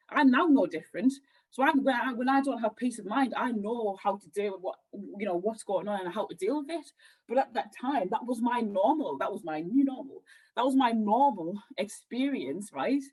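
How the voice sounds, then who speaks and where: A woman talking as a spiritual healer guest on a podcast, rambling and animated as she tells her story. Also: fairly high pitch, breathy edge, poor audio. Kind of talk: casual podcast conversation.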